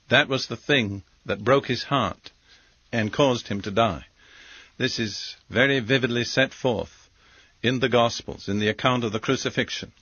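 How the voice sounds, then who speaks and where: A man of middle pitch teaches from scripture in slow, deliberate phrases. The recording is dull and lo-fi. It is close and dry with no room around it. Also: sharp tone, dry recording. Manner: measured, deliberate delivery in short phrases. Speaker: Bible teacher. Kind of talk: sermon.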